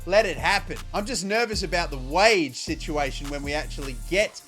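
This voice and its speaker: A man commentating his own football video game career in an animated, casual way with mild swearing and sudden shouts. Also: on the high side, normal speed, faint music behind. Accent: Australian. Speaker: gaming YouTuber.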